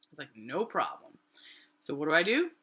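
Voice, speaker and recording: A woman's voice: a little fast, slightly rough. A middle-aged woman from New Hampshire, casually telling her own story and acting out what people said. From New Hampshire, USA. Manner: animated, acts out quoted voices with big pitch jumps.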